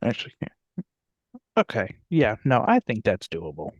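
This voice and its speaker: A man's voice: on the low side, wildly swooping pitch, moderate pace, no room sound, highs cut off. A young man co-hosting a podcast in casual chat, joking and laughing often. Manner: laughs often, jokey, puts on silly voices for quotes. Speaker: podcast co-host.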